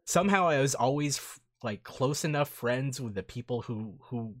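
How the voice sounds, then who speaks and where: A man's voice: medium pitch, lively intonation, normal speed. A man in his thirties reminiscing in casual chat, enthusiastic and fond, calling his friend dude.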